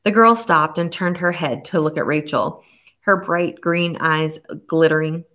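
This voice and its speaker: A woman with a low voice narrates a suspense novel. Her reading is steady and measured, with an even, unhurried delivery. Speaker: audiobook narrator. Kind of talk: scripted narration.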